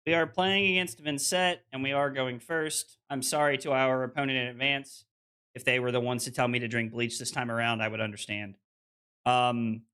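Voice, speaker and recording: A man's voice: mid-range voice, bright, forceful tone, smooth. A man streaming a card game, chatting casually with viewers and reading their messages aloud, with lots of fillers. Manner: chatty, full of "like" fillers, reads chat aloud.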